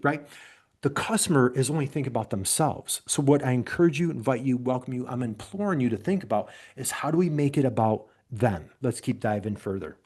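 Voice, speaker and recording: A middle-aged man with an upstate New York accent, presenting an energetic business webinar over a video call and firing motivational questions at his audience. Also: medium pitch, a little fast.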